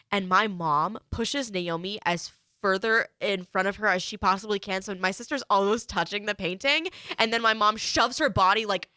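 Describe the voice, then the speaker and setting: Bright-voiced young woman telling a story. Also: mid-range voice, no room sound, clean studio sound. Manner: animated storyteller, many "like" fillers. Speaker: podcast host. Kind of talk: casual chat.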